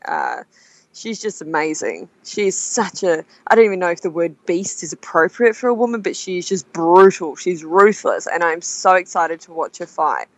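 A woman's voice: lowish voice, animated, moderate pace, dry recording. Bubbly Australian woman, dry sound. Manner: bubbly, laughs often, tells anecdotes. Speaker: guest. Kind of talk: casual chat.

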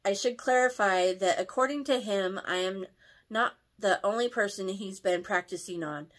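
A woman's voice: medium pitch, moderate pace. A woman reading online posts and comments aloud, reacting emotionally, often stumbling and correcting her words.

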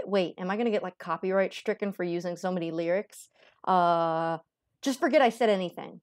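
A woman's voice: fairly low pitch, fairly quick, darkish tone, no room sound, studio quality. A woman playing a video game and chatting casually, joking and reading game text aloud. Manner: joking, reads game text aloud, sudden playful voices. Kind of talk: casual let's-play commentary.

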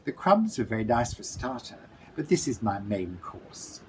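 A man's voice: medium pitch, very animated, normal speed, a little hiss or hum, natural voice, poor audio. A man voicing a polite, weary male cuckoo bird in a storybook reading, with a courteous, genteel and sleepy manner.

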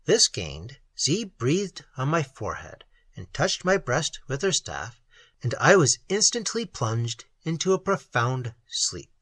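A man narrating a classic novel as an audiobook, in a measured and expressive literary reading. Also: mid-range voice, no room sound.

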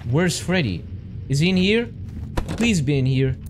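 A young man with a high, wildly swinging voice calls out each moment of a horror game, hyper and loud, cursing as he goes. Eerie game ambience hums clearly behind his speech. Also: lively intonation, a little slow, very noisy. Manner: hyper, jumpy, loud reactions and swearing. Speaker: gaming channel host. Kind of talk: horror game let's play commentary.

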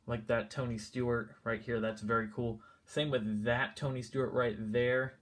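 A man's voice: mid-range voice, level tone, normal speed. A man casually walking through his diecast car collection, rambling with lots of fillers and a bit out of breath.

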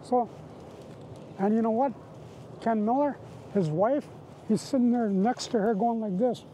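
In this poorly recorded documentary interview, a residential school survivor from Canada shares his testimony in an unhurried, warm, very high voice. He relives the past in vivid present tense and repeats phrases, with slight background noise behind him.

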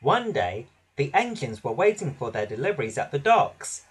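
A man narrating a children's storybook in a lively, animated way. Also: mid-range voice, moderate pace, slightly rough.

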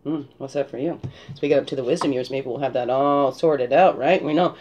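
A woman's voice: a bass voice, brisk, darkish tone. A woman talking as a spiritual guide, musing and reflective, often checking in with a "right?" as she prepares a card reading. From Canada.

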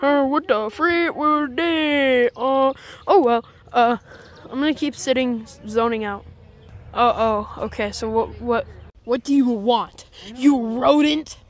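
Woman as young dog owner, high, unhurried, rambling and puzzled; fan plush video, faint noise. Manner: chatty, puzzled guessing, rambling.

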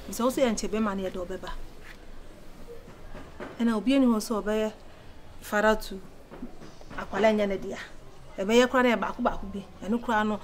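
A woman in casual chat, talking insistently and pushing hard, her voice climbing loud when she presses a point. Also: medium pitch, a little hiss or hum. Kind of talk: casual chat mixing pidgin and Twi.

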